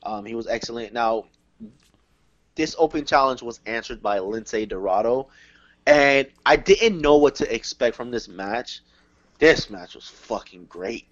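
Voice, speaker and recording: A man hosting a casual wrestling review podcast, excitable and quick to swear and laugh. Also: medium pitch, muffled recording. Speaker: podcast host.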